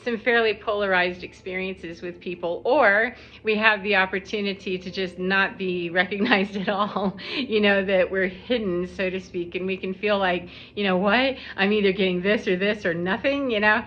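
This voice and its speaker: A woman's voice: medium pitch, steady tone, normal speed. A woman talking casually to camera about spiritual life and her encounters with people, rambling and reflective, laughing often as she goes. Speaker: spiritual vlogger. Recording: slightly dull lo-fi audio.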